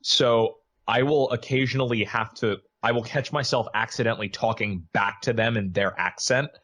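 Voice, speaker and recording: A man's voice: medium pitch, normal speed, fairly bright tone. A man guesting on a podcast as a voice actor, easygoing and self-deprecating, laughing along. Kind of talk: casual podcast chat.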